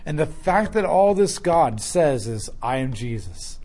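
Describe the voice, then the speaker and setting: Earnest husky male preacher. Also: a little high, big pitch swings, a little slow, darkish tone. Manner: earnest, emphatic, conversational. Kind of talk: sermon.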